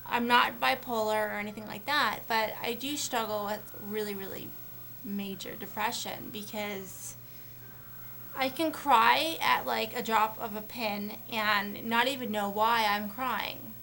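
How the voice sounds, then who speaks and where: A woman's voice: on the high side, pushed and bright, slight background noise. A young woman talking casually to camera on a shared vlog channel, rambling with many fillers and restarts. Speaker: vlogger on a collab channel.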